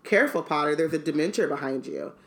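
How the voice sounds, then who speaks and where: A woman's voice: low voice, quick pace, a bit bright. A woman reading aloud the drawled lines of a sneering, snobbish teenage boy. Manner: drawling, read aloud from a book.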